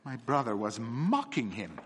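Storybook role: a man playing a feverish, stammering young curate, pitched high, with lively swings. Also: a little fast, husky, full character voice. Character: young male curate, frantic, nervous, excitable. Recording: long reverb.

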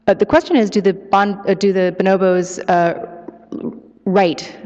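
A woman author giving a live, expressive book reading and taking questions in an event hall. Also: medium pitch, normal speed. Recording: echoey hall, muffled live sound.

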